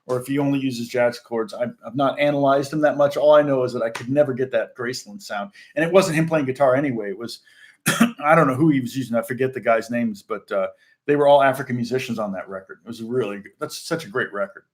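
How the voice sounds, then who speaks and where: A man's voice: mid-range voice, quick pace. A man chatting loosely as a session guitarist answering viewer questions, telling stories with lots of fillers and restarts. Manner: loose and anecdotal, many fillers and restarts, demonstrates on guitar between phrases. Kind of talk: casual rambling chat. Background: guitar playing.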